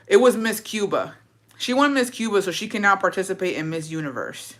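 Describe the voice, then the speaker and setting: A woman's voice: medium pitch, lively intonation, fairly quick, a bit bright. Young woman, host, casual gossip chat, profane, ranting, fires off questions.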